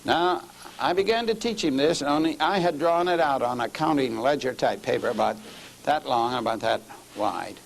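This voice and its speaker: A middle-aged man preaching a sermon, telling a story and dropping to low murmurs before raising his voice for emphasis. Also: moderate pace, vocal fry, slight background noise, poor audio.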